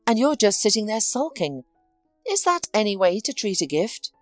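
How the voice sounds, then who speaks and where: A woman reading the lines of a caring, upbeat male friend in a storybook narration, coaxing and warm. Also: medium pitch, big pitch swings, moderate pace, no echo, studio quality, faint music behind, lightly acted. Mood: encouraging.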